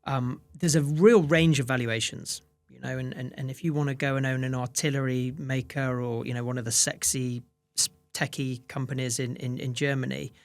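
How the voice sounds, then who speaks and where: A man's voice: mid-range voice, fairly even intonation, normal speed, dry recording. A man, a fund manager, answering interview questions with many restarts and fillers. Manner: hesitant restarts, many "you know"s.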